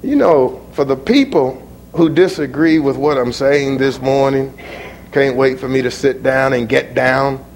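A man preaching a sermon in an animated, mocking way, swinging from muttered asides to shouts. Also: medium pitch, a little slow, vocal fry, slight background noise.

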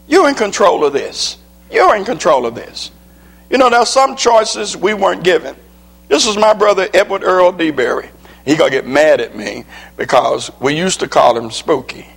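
A man's voice: fairly high pitch, lively intonation, normal speed, vocal fry. A man, a preacher and legislator, giving a motivational speech to an audience with slides, in an emphatic preaching cadence that repeats key lines.

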